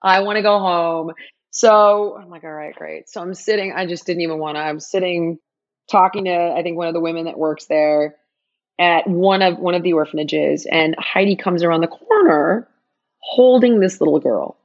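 A woman telling a personal story in an interview, animated, acting out quoted dialogue with big jumps in her voice. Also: lowish voice, moderate pace, dull audio.

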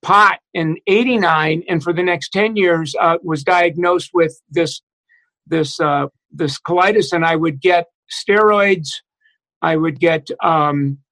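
A middle-aged man candidly telling a personal story as an interview guest, halting often with restarts and fillers. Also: on the high side, a bit bright, low-quality recording.

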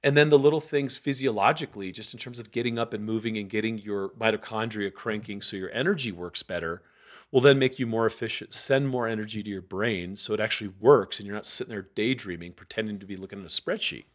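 A man, a guest author, talking casually in an interview and acting out quoted voices with lively energy. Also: on the low side, fast. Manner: animated, acts out quoted voices.

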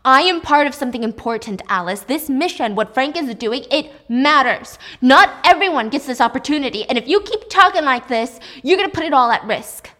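A woman with a fairly high, slightly slow voice plays a dismissive young husband, an engineer who is tense and controlling. He brushes off his wife in a placating yet stern way.

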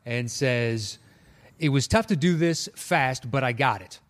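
A man co-hosts a casual movie podcast at an ordinary medium pitch. He talks in a relaxed, chatty way, laying out how the show works and reading submitted lists aloud. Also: unhurried. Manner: relaxed, explains the show format, reads listener lists aloud. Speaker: podcast co-host.

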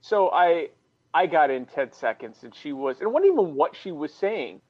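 Lively male co-host, mocking tone, wide pitch swings, muffled lo-fi mic. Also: normal speed, no echo. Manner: animated, mocking, voice jumps high for effect. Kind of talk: casual political podcast chat.

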